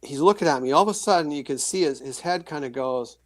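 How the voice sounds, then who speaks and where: A man's voice: fairly high pitch, quick pace, dry recording. A middle-aged man, a guest author, telling rambling paranormal stories in casual chat, acting out the reactions of the people in them. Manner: rambling, animated storytelling with acted-out reactions. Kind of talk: casual storytelling on a podcast.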